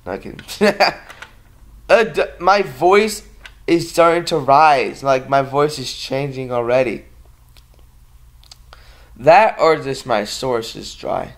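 A man's voice: mid-range voice, slow pace, pauses often. A man chatting casually to his viewers in a home vlog, rambling and sleepy, with lots of ums and restarts. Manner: sleepy, yawning. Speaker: vlogger.

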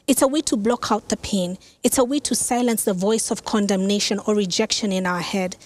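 A woman pastor preaching a sermon who tells the story in a lively, conversational way with casual asides. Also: medium pitch, a little fast. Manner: animated storytelling, acts out quoted lines.

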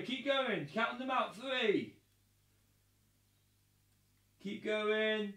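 A man's voice: high-pitched, animated, extremely slow, long pauses. Upbeat man calling out counts. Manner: upbeat, encouraging, calls out counts loudly. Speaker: children's taekwondo instructor. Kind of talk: live online kids' fitness class. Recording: echoey room.

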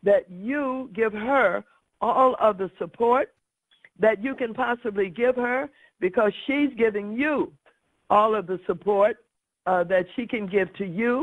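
An older woman in Congress, speaking slowly and effusively on a phone call. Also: a little high, no echo. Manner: slow, deliberate and effusive.

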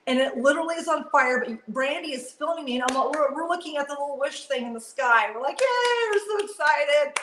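A woman with a slightly raised voice tells a funny story on a live video call. She is animated, laughs often and acts out what people said. Her voice sounds echoey, as if the room were bare. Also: sits high, fast talker, hardly any pauses, a little hiss or hum. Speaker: guest on a live video chat. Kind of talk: casual storytelling.

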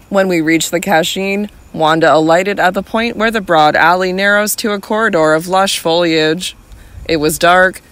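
A male audiobook narrator with a notably high voice reads in a measured, literary way. The sound is close and dry, with no room echo. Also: pushed and bright. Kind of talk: scripted narration.

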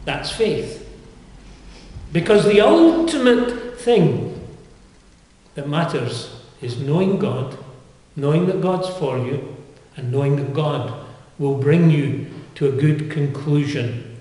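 An older man preaching a sermon, with earnest, dynamic delivery that surges up in pitch and volume. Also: expressive, takes it slowly, pauses often, dark tone. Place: chapel. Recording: echoey chapel with long reverb.

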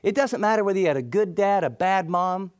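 Animated storytelling male pastor. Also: high-pitched, brisk, smooth. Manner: storytelling, acts out quoted people, drops to soft intense tones. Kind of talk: sermon.

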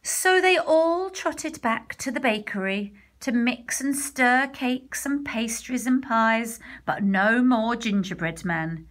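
A woman's voice: on the high side, slow, few pauses. A woman teacher reads a picture-book story aloud for young children. She takes her time, lingering over words as her voice rises and falls. She often stops to ask the listeners questions and invite them to join in. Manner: asks listeners questions, gentle and expressive.

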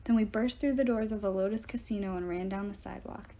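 A woman reading a novel aloud in the first person with expressive storytelling. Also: medium pitch, quick pace, low-quality recording. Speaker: reader of audiobook chapters.

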